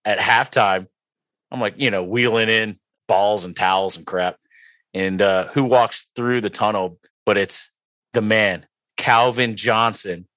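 A man's voice: fairly low pitch, measured pace, no room sound. A young man co-hosting a casual sports podcast, telling a long self-mocking story with lots of fillers. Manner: rambling, self-mocking, animated when quoting. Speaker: podcast co-host.

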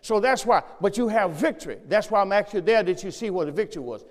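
High-voiced male preacher, repeats lines and gets the room to answer back, big church echo. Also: lively intonation, fast. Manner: call-and-response preaching, repeats phrases. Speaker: pastor. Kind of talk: sermon. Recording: long church reverb.

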